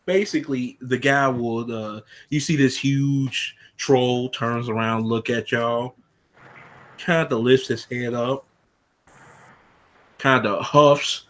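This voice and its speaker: Laid-back male game master, slangy narration, mid-pitched. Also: fairly even intonation, slow, a bit bright.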